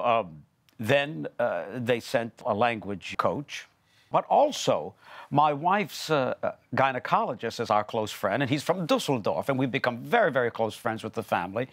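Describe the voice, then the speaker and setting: An older actor talking in a relaxed interview, telling stories with animated delivery. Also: male voice. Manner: animated storyteller, lively pitch, acts out quotes. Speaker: actor and guest. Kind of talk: casual interview chat.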